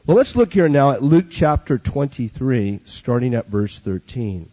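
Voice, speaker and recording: A man preaching a sermon as pastor in a church, emphatic and slowing down for key phrases. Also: medium pitch, big pitch swings, mellow, big-room sound. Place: church sanctuary. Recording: dull lo-fi church recording.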